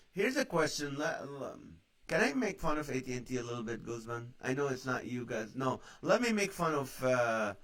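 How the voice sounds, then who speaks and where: A man with a fairly high voice hosts a live stream, greeting viewers by name and reading their comments aloud. His chat is loose and joking, with quick asides and laughter between lines. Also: fairly bright tone. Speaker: host of a live stream show.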